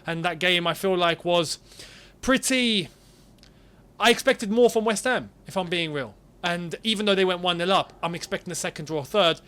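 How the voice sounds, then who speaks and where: A man co-hosting a casual football chat, giving measured, thoughtful opinions. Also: high voice, a bit bright, clean tone. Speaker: football podcast co-host.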